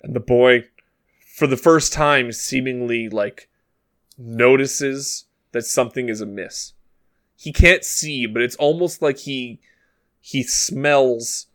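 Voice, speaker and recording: Slow-talking male game master. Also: mid-range voice. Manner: relaxed, hesitant narration with fillers. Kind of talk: narrating a tabletop game.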